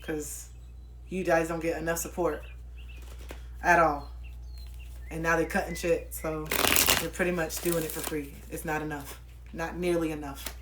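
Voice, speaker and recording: A woman's voice: flat delivery, a little slow, pauses often, noisy background. Fiery, cursing woman livestreamer. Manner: preachy, swears often, switches between loud outbursts and low murmurs. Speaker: livestreamer giving spiritual life coaching. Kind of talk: impassioned livestream monologue.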